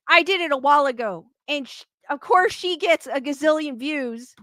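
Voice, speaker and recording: A woman's voice: high-pitched, normal speed, hardly any pauses, a bit bright, dry recording. A woman hosting a paranormal livestream, chatting casually with viewers and rambling candidly as she vents her frustration. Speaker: paranormal YouTube host live-streaming. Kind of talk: casual livestream chat, reading viewer comments.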